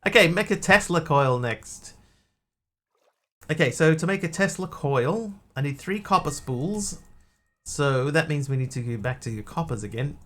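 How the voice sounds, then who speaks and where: A man talks through his game stream in an easy, joking way, reading chat aloud between tasks. His voice sits a little higher than most men's. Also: expressive, moderate pace, a bit bright. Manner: chatty, jokey, reads chat aloud.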